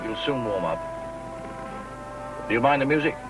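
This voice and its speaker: A man's voice: medium pitch, lively intonation, moderate pace, natural voice. An actor playing a kindly, chatty English man who drives a stranger along in a television drama. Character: friendly English man giving a lift, a rugby referee. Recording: distant mic with loud music playing.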